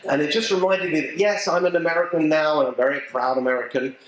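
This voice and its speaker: A middle-aged man with an English accent speaks to a live audience, emphatic and animated, cracking jokes as he goes. His voice sits a little high for a man. The room rings with a heavy echo. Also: fast talker. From England. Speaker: political speaker. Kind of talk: speech to a local political group. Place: event venue with a live audience. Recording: echoey room.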